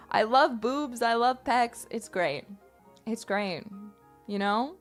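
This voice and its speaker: A woman's voice: medium pitch, expressive, slow pace, long pauses, faint music behind. A young woman streaming, chatting casually in a playful, rambling way with theatrical bursts. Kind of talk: casual live-stream chat.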